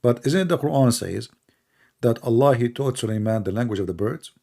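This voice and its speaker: Man, gravelly voice, blunt mocking host, worn from talking, quick Arabic recitation. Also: medium pitch, lively intonation, dark tone. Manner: mocking, blunt, lectures and quizzes the guest. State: tired voice from long talking. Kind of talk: argumentative debate on a call.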